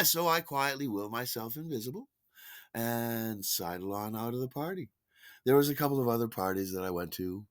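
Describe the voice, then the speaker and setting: A man telling a story in a casual, animated way, delighted with his own tale and acting out quoted lines with big jumps in voice. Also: on the low side, dry recording.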